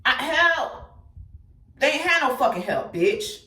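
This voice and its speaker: A woman telling her life story candidly and bluntly, cursing freely, talking straight to her listeners and swinging between loud outbursts and quiet asides. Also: high voice, very animated, slow, far from the mic. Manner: blunt and profane, addresses listeners directly. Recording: echoey room, speaker set back from the mic.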